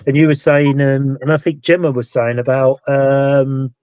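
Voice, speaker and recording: A man's voice: mid-range voice, flat delivery, unhurried, a little mellow, clean tone, no echo. British male host, casual rambling live-stream talk, dead dry muffled recording. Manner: rambling, loses his thread and restarts. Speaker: paranormal investigator and show host. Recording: dull dry lo-fi sound.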